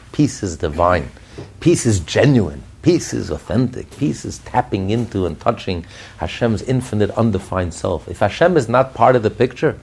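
A man teaches a Torah class for a podcast, his voice low and gravelly with a husky edge. He tells stories in an animated way, often restarting his phrases and chuckling between points.

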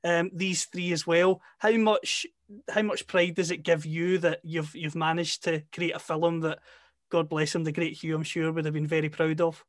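Male host, level delivery, halting starts, dry close sound. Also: on the high side, little pitch movement, dry recording. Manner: halting, repeats words as he starts. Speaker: interviewer host. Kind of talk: interview questions.

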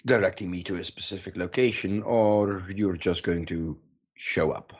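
A man voicing a guarded female rogue bargaining with a crime boss, measured and probing. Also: low voice, husky. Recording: muffled lo-fi mic.

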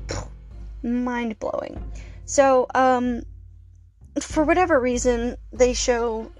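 A young woman hosting a podcast, reviewing a movie in a casual, chatty way with plenty of swearing, fillers and playful asides. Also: a little high. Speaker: podcast host.

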